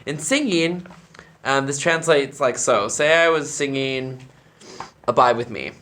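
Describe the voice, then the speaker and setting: A man's voice: mid-range voice, lively intonation, unhurried, sharp tone. A man who directs a church choir, explaining vocal technique in a tutorial and demonstrating the sounds with his own voice.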